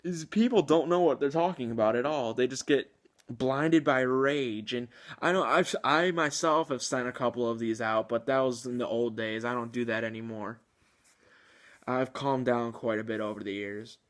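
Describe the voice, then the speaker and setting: A man's voice: mid-range voice, steady tone, normal speed. A man talks through his gaming stories in a loose, rambling way. He fills his sentences with filler words, restarts often and chuckles between points. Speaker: gaming channel host. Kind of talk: casual video game commentary.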